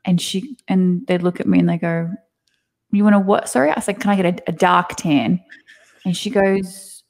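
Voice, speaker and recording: Lower-pitched woman, thick Australian accent. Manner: chatty, animated storytelling with quick laughs. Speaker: guest. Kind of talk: casual interview chat. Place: home.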